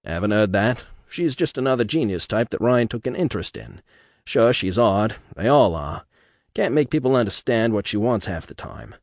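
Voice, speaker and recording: A blunt, plain-spoken working husband, as a man reads him, protective of his wife and easygoing in manner. His voice sits fairly low and dry in a storybook reading. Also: very animated, normal speed, no room sound. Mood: offhand.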